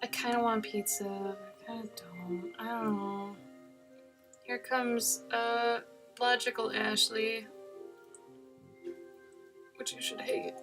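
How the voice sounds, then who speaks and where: A woman's voice: a little high, flat delivery, slow, pauses often, over music. A woman with a slight Minnesotan accent, chatting and joking casually while she paints on a livestream. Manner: chatty, joking, playful outbursts. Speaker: livestream host.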